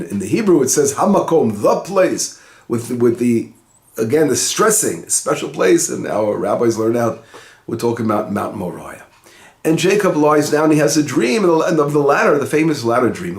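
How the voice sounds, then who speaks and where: A rabbi gives a relaxed Torah lesson with a slightly raised voice. He talks conversationally, restarts his sentences and leans on key words. The room around him echoes. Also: a little high. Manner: conversational, with frequent restarts and rising emphasis. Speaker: rabbi teaching the weekly Torah portion.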